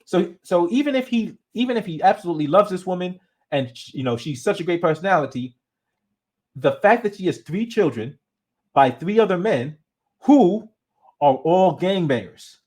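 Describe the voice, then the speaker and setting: A man hosting his own channel, giving casual commentary in a conversational, animated way and often restarting his sentences. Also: high voice, normal speed. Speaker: channel host.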